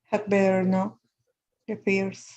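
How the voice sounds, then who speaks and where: A woman's voice: medium pitch, completely flat delivery, slow, darkish tone, lo-fi sound. A woman, a student giving short, hesitant answers in an English lesson.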